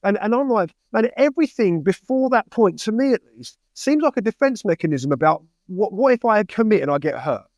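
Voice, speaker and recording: A man's voice: high-pitched, big pitch swings, a little fast, few pauses, darkish tone, dry recording. A young man talking as a podcast guest, giving blunt, heated advice in casual conversation.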